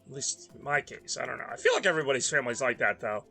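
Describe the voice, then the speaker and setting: A man's voice: medium pitch, big pitch swings, rapid-fire, creaky, sharp tone, faint music behind. A young man streaming a racing game, chatting casually and rambling between laps. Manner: rambling, chatty, reads chat aloud. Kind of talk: casual rambling chat while gaming.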